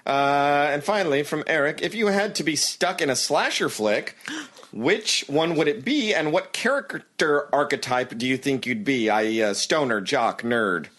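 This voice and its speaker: A man's voice: fairly high pitch, expressive, moderate pace, a bit bright. A man appearing as a podcast guest in casual panel chat, jokey and laid-back and laughing often.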